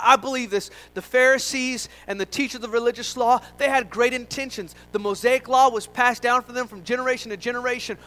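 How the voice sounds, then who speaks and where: A man's voice: high-pitched, fairly bright tone, poor audio. A man preaching a sermon as pastor, earnest and emphatic, driving points home with repetition.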